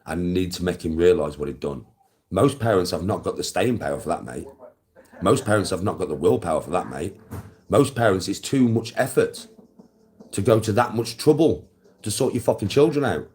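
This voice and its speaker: At a moderate pace, a low-pitched, animated and slightly mellow voice comes through from a middle-aged man with an English accent. Hosting a live stream, he swears through a blunt, crude monologue addressed straight to the viewer, lecturing them and answering chat.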